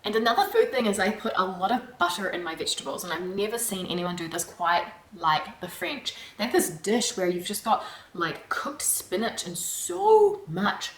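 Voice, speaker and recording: A woman from New Zealand with a New Zealand accent, chatting casually to camera in a vlog, animated and laughing often. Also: medium pitch, moderate pace, reverberant. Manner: chatty and animated, laughs often, acts out her own reactions. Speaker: vlogger.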